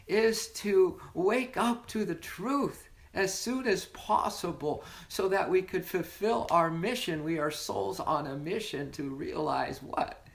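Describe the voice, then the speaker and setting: An inspirational, story-driven talk comes from the leader of an online spiritual sobriety meeting, whose pitch sits in the middle. Warmth and playfulness mark the rambling delivery, which repeats words often.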